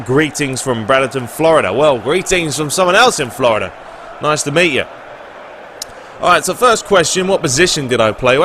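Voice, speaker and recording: A young man with a London English accent chats in a relaxed way as he answers viewers' questions over his gameplay. His voice sits at an ordinary middle pitch, and his talk is loose and full of filler words. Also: a little hiss or hum. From England. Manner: chatty and laid-back, with frequent filler words. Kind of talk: casual Q&A chat over gameplay.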